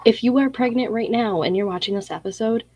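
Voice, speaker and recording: A woman's voice: on the high side, quick pace, warm tone, breathy edge, no room sound. A woman hosting a casual chat about parenting, blunt and emphatic in her asides. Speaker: podcast host. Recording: dry, muffled lo-fi audio.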